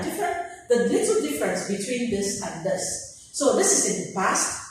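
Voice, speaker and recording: A woman teacher giving a classroom vocabulary lesson, animated and acting out her examples in sing-song voices. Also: medium pitch, a little hiss or hum. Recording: very echoey room, mic far off.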